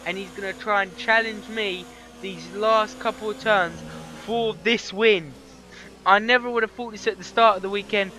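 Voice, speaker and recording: A man with a hoarse, worn voice commentates a racing game in a chatty, slangy rush. His voice sits high and sounds tense and bright. A faint noise floor runs under the recording. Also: fairly even intonation, moderate pace. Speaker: gaming video creator.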